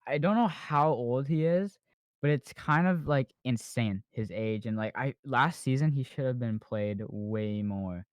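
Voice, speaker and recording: A man's voice: medium pitch, unhurried, clear, resonant tone, no room sound. A man hosting a podcast in casual chat, rambling with lots of fillers and restarts. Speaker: podcast host.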